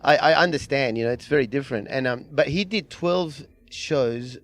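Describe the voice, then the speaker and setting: A middle-aged man, a comedian telling stories in a casual chat, animated and self-mocking, acting out the people he quotes. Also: mid-range voice, moderate pace. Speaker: comedian guest.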